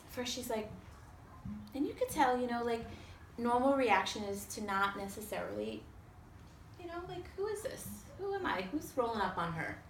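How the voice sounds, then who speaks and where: A woman telling a lively personal story to a small audience, acting out other people's voices and swearing casually. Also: on the high side. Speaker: storyteller on a talk show. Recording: roomy sound from a distance with faint noise.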